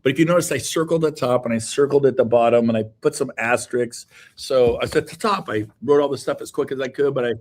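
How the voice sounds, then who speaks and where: Speaking fast with few pauses in a medium-pitched voice, this middle-aged man is a guest on an interview show. He delivers an energetic, emphatic motivational talk packed with repeated exhortations.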